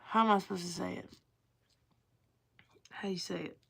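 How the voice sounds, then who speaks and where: Young southern gal rambling on her livestream, bright voice with some gravel in it. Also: on the low side, steady tone, normal speed. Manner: chatty, rambling, drawling and playful. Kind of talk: casual chat with live chat.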